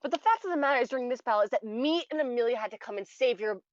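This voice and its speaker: A woman's voice: on the high side, lively intonation, rapid-fire, no room sound, muffled recording, close to an everyday voice. A woman voicing a female warrior who angrily scolds a reckless companion in a tabletop game. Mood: exasperated. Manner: scolding, indignant.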